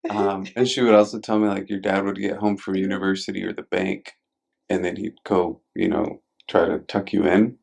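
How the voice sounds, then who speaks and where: A man's voice: deep voice, little pitch movement, normal speed, creaky, a little mellow. A man hosting a podcast in a casual chat. He tells stories with many fillers and swears now and then, and acts out quotes in a raised voice. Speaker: podcast host.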